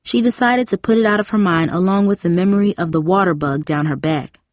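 A woman reads a children's novel aloud in an even, measured storytelling voice. Her voice is fairly low for a woman. The recording is dry and close, with no room sound. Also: no room sound. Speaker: audiobook narrator. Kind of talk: scripted narration.

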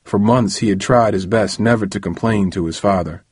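Guy reading an audiobook, low husky voice, dry close sound. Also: normal speed, darkish tone, no room sound. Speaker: narrator. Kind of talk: audiobook narration.

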